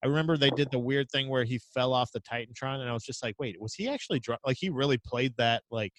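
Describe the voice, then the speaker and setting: This podcast co-host has a medium-pitched voice and a quick pace, with no room sound at all. Chatting casually, he launches into animated, meandering stories full of swearing.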